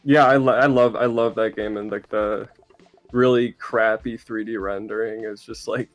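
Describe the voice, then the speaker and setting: A young man, an indie game developer, talking casually as an interview guest and pausing often with fillers and restarts. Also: fairly low pitch, fairly even intonation. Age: young adult. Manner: hesitant, many fillers and restarts.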